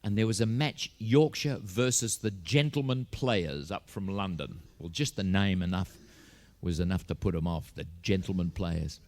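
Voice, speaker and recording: A man's voice: deep voice, normal speed, a little mellow. An Australian man from Western Australia, telling stand-up jokes and stories and slipping into put-on voices and accents. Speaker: comedian.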